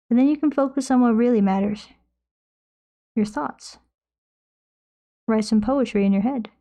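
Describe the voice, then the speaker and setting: A woman's voice: on the high side, warm tone. A young woman streamer chatting casually while painting, playful and swearing freely.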